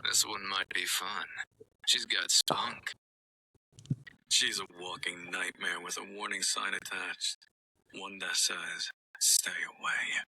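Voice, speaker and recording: An actor playing a menacing, brooding man in an audiobook, speaking low and slow in a husky voice. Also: fairly even intonation, bright, forceful tone, full character voice, low-quality recording. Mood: ominous. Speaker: audiobook narrator.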